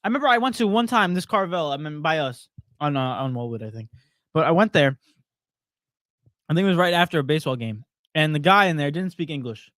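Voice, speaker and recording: A man co-hosting a casual sports podcast, an animated storyteller who laughs often. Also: a little high, fairly quick, no echo, clean studio sound. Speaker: podcast co-host.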